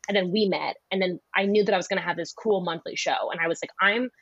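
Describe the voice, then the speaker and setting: A young woman comedian chatting on a podcast, rambling and animated, often slipping into voices. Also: lowish voice, fast talker, husky, no room sound, highs cut off. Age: young adult. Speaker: comedian guest. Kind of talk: casual podcast chat.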